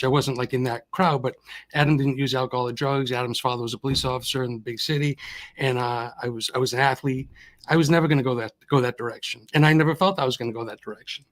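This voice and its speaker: A man's voice: medium pitch, a bit bright. A man in his thirties from Massachusetts, a podcast guest telling his personal story in an earnest, reflective way. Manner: earnest, reflective, with frequent restarts.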